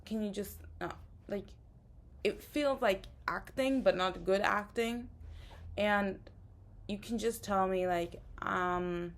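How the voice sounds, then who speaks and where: A woman's voice: mid-range voice, steady tone, takes it slowly. A woman vlogger in a casual, rambling rant, sounding tired and frustrated. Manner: rambling, frustrated, many fillers. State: tired, exhausted. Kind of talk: casual spoken rant to camera.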